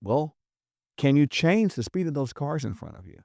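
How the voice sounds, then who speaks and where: A man's voice: fairly high pitch, very animated, normal speed, creaky, dark tone, no echo, clean studio sound. A middle-aged man, a doctor and podcast guest, explaining in an emphatic, earnest and persuasive way. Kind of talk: conversational explaining.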